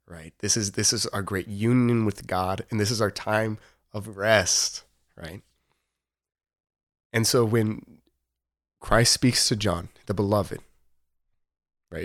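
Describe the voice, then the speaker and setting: A man's voice: on the low side, a bit bright. A young man hosting a casual faith podcast, talking earnestly and rambling, with frequent fillers and laughs. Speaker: podcast host.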